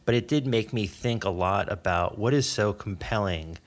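American male interviewer; very low, nasal voice, friendly and upbeat. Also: normal speed. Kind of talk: casual interview conversation.

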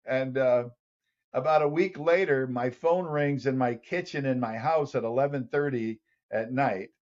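A male podcast guest tells an animated story and slips into other people's voices along the way. His pitch is middling, and the recording sounds a little dull and lo-fi. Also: unhurried. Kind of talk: storytelling in an interview.

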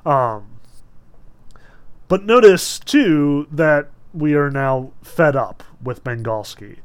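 A man's voice: fairly high pitch, slow pace, smooth. A man teaching a novel in a casual, chatty lecture with many fillers, reading passages aloud and breaking them down. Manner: animated and chatty, with frequent fillers. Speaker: literature teacher.

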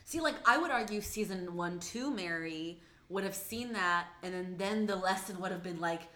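A young adult woman co-hosting a casual podcast, recapping a show in an animated, profane way and acting out the characters' lines. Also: lowish voice, normal speed. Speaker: podcast co-host recapping a TV episode. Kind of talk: casual chat. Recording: echoey room.

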